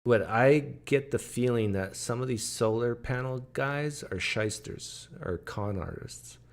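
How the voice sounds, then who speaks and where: Male livestream host, somewhat low voice, casual and chatty, reads out comments. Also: a little mellow. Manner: chatty, reading and answering comments aloud. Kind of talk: casual live chat with viewers. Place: home.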